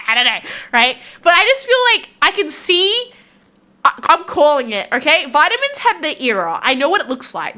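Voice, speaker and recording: A woman's voice: high voice, bright, forceful tone. An Australian woman streaming live, chatting casually and rambling with her viewers, laughing often.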